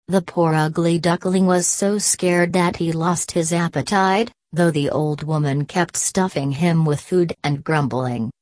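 Low, slow woman storyteller. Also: a little mellow, dry recording. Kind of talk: scripted storybook narration.

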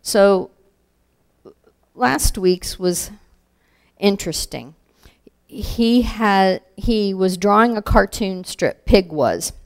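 A woman's voice: mid-range voice, very slow, pauses often. A woman giving an informal sermon, telling stories in a reflective, conversational way.

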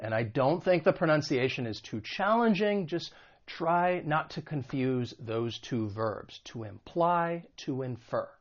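Male vocab teacher, friendly and explanatory, slightly higher voice, muffled recording. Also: lively intonation, unhurried. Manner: friendly, explanatory, asks the viewer questions. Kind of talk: video lesson.

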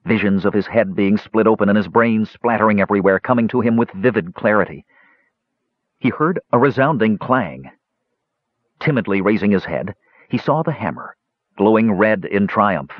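A man narrating a fantasy audiobook with expressive, dramatic storytelling. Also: fairly low pitch, husky, no echo. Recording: dull lo-fi dry recording.

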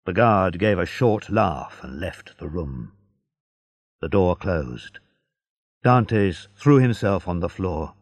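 A man reading a simplified story aloud for learners in a slow, deliberate, expressive way. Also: deep voice, dry recording. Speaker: narrator. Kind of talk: scripted narration for learners.

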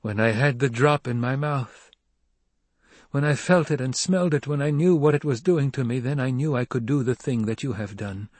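A man voicing a weak but steady young man just woken, in an audiobook reading. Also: medium pitch, moderate pace, dry recording, voice pushed up, natural voice.

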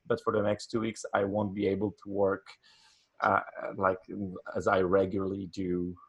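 A man, chatting casually as an interview guest from his home office, halting often with fillers and restarts. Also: deep voice, monotone, husky. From Poland. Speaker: guest, wedding photographer.

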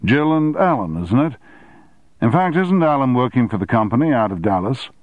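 A man voicing a powerful middle-aged male newspaper tycoon who speaks briskly and with authority. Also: mid-range voice, animated, no echo, lo-fi sound, pitched above the performer's own voice, lightly acted.

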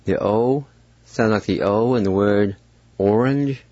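A man hosting a radio language lesson, spelling out words letter by letter and sounding out each syllable slowly and deliberately. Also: fairly low pitch, a little mellow, no echo, highs cut off. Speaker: radio host teaching a language.

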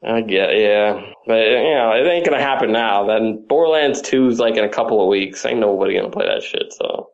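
A man ranting heatedly about games on a podcast, swearing constantly, his voice climbing high when angry. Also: expressive, fairly quick, gravelly, hardly any pauses, highs cut off. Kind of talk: profane ranting gaming chat.

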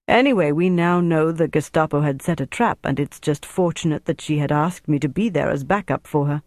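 A man's voice: fairly high pitch, fairly quick, no echo, natural voice. A man voicing a commanding German intelligence major who barks orders. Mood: terse, controlled.

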